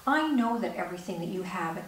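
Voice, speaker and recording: Brief: middle-aged woman speaker, measured and earnest storytelling; distant mic, roomy echo, faint hiss. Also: on the low side, animated. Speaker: author and speaker. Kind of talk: personal storytelling talk.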